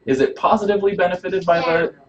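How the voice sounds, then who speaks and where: A man's voice: high-pitched, fast, a little hiss or hum. A man presenting a health workshop as a chiropractor, talking casually and asking the audience questions. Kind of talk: live workshop talk to an audience. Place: room with a small live audience. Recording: dull lo-fi recording.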